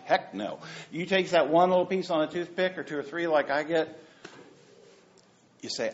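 A man preaching a sermon as pastor, animated and joking, repeating phrases for emphasis. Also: a little high, moderate pace, pauses often, a little hiss or hum. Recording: dull lo-fi sound.

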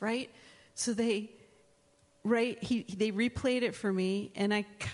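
A woman sharing a testimony at church, telling the story in a lively way and acting out other people's voices. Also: a little high, takes it slowly, long reverb tail.

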